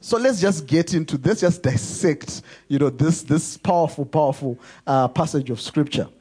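Husky-voiced man preaching emphatically. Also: fairly high pitch. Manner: emphatic preaching, rising to loud stresses and slowing on key words. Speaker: pastor. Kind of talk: sermon.

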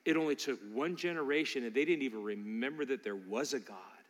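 A man preaching a sermon, emphatic and swinging from loud declarations to hushed appeals. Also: medium pitch, a little fast, in a large hall.

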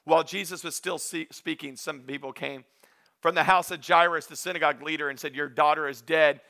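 Bright-voiced, high-pitched male pastor preaching. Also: fairly quick, gravelly. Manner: animated preaching with acted-out asides and humor. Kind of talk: sermon.

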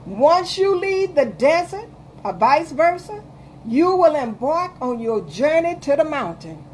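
A woman pastor preaches a radio sermon in a high voice. She reads scripture in old-fashioned wording and drives her points home with repetition and fervor. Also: very animated, unhurried, darkish tone, slight background noise. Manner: fervent preaching, reads scripture in King James wording, repeats phrases.

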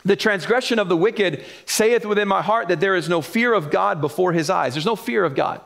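A man preaching a sermon in church, lively and animated, acting out the people in the Bible stories. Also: sits high, fairly quick, gravelly. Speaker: pastor.

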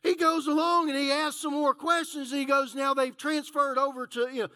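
A man pastor preaching a sermon, telling a story and acting out the dialogue with animated delivery. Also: extremely high pitch, normal speed.

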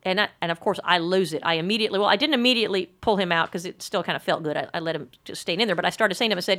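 A woman's voice: lowish voice, expressive, quick pace, fairly bright tone. A woman delivering a rambling comic monologue in a mock-earnest, frank and crude way.

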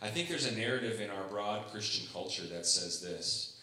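A male pastor delivers a sermon in a relaxed, joking, conversational way, slipping into little acted-out voices. His tone is bright and forward over a slightly low pitch. The room rings with heavy echo. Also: moderate pace. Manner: conversational, humorous, acts out quoted voices. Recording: echoey room.

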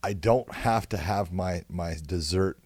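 A man with a lower voice co-hosting a podcast. He makes his points with emphasis and hands out advice. The recording is dry and close. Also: a little slow, darkish tone, no echo. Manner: emphatic, advice-giving, breaks into short exclamations. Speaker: podcast co-host. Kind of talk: casual chat.

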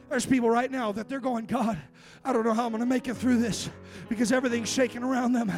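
High-voiced preaching man over soft music. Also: fairly quick, few pauses. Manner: emphatic preaching, filler "uh" between phrases. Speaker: pastor. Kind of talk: sermon.

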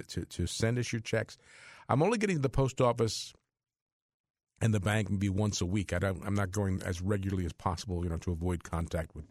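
A man's voice: lowish voice, gravelly, a little mellow, dry recording. A middle-aged man hosting a religious radio show from a studio, talking in a rambling, chatty way and chuckling between thoughts. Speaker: radio host. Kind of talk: casual on-air talk. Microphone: studio microphone.

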